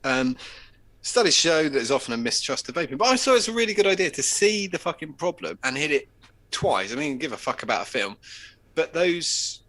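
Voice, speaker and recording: A man's voice: a little high, sing-song, fairly quick, a bit bright. A man from England hosting a casual chat, reading the news aloud and rambling with a lot of swearing and laughter. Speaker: host.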